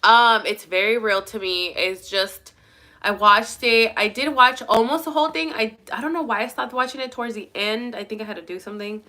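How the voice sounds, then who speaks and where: A woman's voice: a little high, steady tone, a little fast, sharp tone. A young woman talking casually to her viewers, rambling and emphatic, swearing a lot. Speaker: vlogger. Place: at her mother's home.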